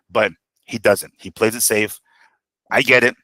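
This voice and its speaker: A man co-hosting a boxing talk show, giving animated, profane fight analysis and acting out quotes. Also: on the low side, unhurried, long pauses, no room sound.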